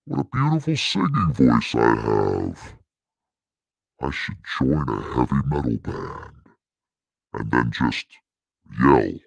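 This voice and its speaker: A man putting on a demonic deep voice through a voice changer, growling crude threats and jokes as a channel host. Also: creaky, slightly rough, dry recording, heavily acted.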